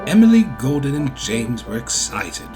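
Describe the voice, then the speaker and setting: A man narrating a children's storybook about trains, in an animated way. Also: medium pitch, normal speed. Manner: animated, with a different voice per character. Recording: music bed under the voice.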